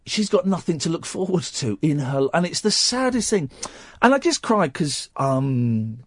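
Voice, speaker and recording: A man hosting a radio show, telling a personal story while close to tears, halting and restarting often. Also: a little high, very animated, no room sound. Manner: halting and tearful, with many restarts. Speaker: radio host.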